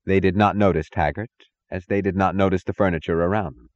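A man reads a novel aloud in a measured, dramatic way. His voice sits low, and the recording is dry and a little dull. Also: steady tone, darkish tone, dry recording. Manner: measured, dramatic reading with distinct character voices. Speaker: audiobook narrator. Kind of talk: scripted narration.

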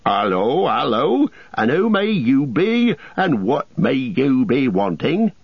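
A man putting on a gruff, hearty hobbit farmer. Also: mid-range voice, big pitch swings, slow pace, no room sound, lo-fi sound, pitched above the performer's own voice, exaggerated voice. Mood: suspicious.

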